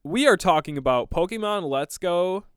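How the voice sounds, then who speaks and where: A young man co-hosting a casual podcast, talking in an excitable, rambling way and swearing freely. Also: high-pitched, normal speed, smooth, dry recording, studio quality. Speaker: podcast co-host. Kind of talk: casual chat.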